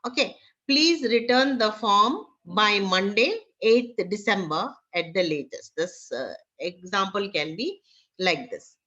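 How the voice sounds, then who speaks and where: Slow, bright-voiced woman teaching online. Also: mid-range voice, lively intonation. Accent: Indian English. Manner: slow, halting delivery with many fillers. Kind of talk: online class lecture. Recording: dull lo-fi online class audio.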